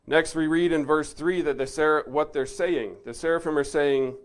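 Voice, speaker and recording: Guy teaching a bible lesson, earnest, leans hard on key words then goes quiet and thoughtful. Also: fairly high pitch, normal speed. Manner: earnest, emphatic on key words, drops soft for reflection.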